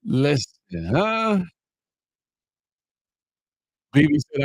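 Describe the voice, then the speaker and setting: A man hosting a casual live morning show, chatting with viewers, laughing often and animated as he reads their comments. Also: mid-range voice, measured pace, no echo, poor audio. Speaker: livestream morning show host.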